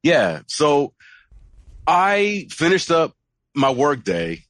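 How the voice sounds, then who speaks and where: Animated man telling a story. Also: on the high side, very slow, no echo. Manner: animated storytelling, acts out quoted voices. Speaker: podcast co-host. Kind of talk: casual chat.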